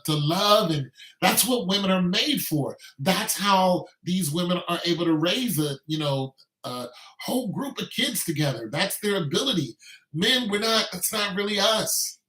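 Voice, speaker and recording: A man's voice: high voice, lively intonation, unhurried, pushed and bright, echoey room, poor audio. A man delivering an opinionated monologue in an emphatic, repetitive rant. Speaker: commentator.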